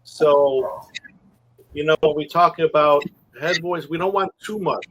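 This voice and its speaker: A man with a husky voice, coaching singers in a casual group chat, halting and restarting as he talks. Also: a little high, fairly bright tone, low-quality recording. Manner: halting, restarts often, laughs between points. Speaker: singing coach.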